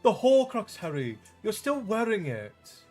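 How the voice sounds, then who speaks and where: A man reading aloud, putting on the voice of a brisk, impatient teenage witch girl who sounds urgent and bossy. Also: sits high, very animated, darkish tone, soft background music, voice pushed up. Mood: insistent.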